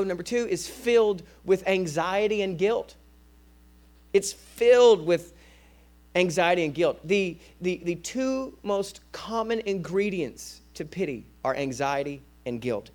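Guest preacher, male, somewhat high voice, lively conversational sermon delivery that doubles back on words. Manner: energetic and conversational, repeating words as he restarts.

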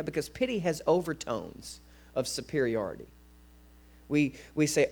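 A man preaching a sermon as a guest preacher, energetic and conversational, often repeating words as he restarts. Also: mid-range voice, moderate pace.

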